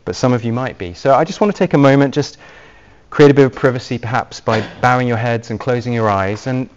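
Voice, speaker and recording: A man preaching an evangelistic sermon, speaking earnestly and gently as he leads into a quiet prayer. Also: mid-range voice, a little fast. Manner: earnest and gentle, softly paced appeals. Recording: dull lo-fi recording.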